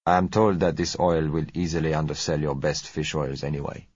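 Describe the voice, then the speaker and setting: A man voicing a sleek foreign oil dealer who talks politely, gently and without hurry. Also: rumbling low, fairly even intonation, fairly quick, breathy edge, no echo. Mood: smooth, polite. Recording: dry, slightly dull recording.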